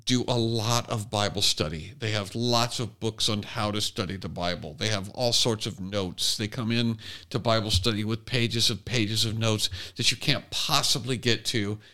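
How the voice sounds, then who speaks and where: A man's voice: fairly low pitch, bright, forceful tone. A man co-hosting a podcast in casual chat, rambling through stories and doing voices for the people in them. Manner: rambling storyteller who does voices for the people he describes. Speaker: podcast co-host.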